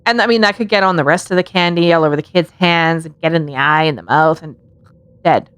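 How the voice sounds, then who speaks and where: A woman's voice: sits low, fairly quick, fairly bright tone, smooth, dry recording. A woman co-hosting a casual podcast, telling true-crime stories with sarcastic asides and frequent giggles. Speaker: podcast co-host.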